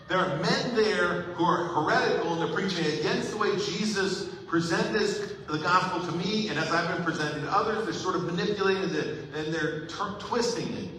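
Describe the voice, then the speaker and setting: A man's voice: sits high, a bit bright, slight background noise. A middle-aged male pastor giving a sermon, with conversational storytelling and jokes, recorded in a church sanctuary. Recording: echoey hall from far off.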